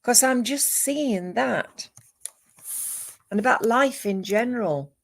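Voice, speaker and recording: A woman giving a live psychic reading, calm and measured, listing names and images one at a time. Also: a little high, creaky. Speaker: psychic medium.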